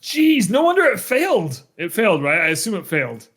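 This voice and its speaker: A man co-hosting a podcast, quick, joking and easily amazed. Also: sits high, huge pitch swings, a bit bright, breathy edge. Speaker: podcast co-host. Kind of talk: casual podcast chat.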